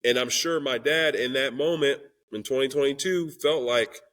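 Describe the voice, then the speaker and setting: A man's voice: medium pitch, moderate pace, a bit bright. A young man, a guest telling a personal story in candid conversation, acting out the voices of people in it. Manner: earnest and emotional, acts out quoted dialogue. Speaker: podcast guest, Christian rapper.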